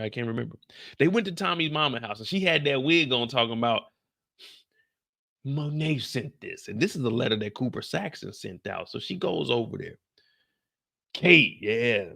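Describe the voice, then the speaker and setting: Casually live streaming, a man retells a TV episode, acting out the characters' lines with slang and cursing. His voice is a little high and gravelly, and the storytelling is animated.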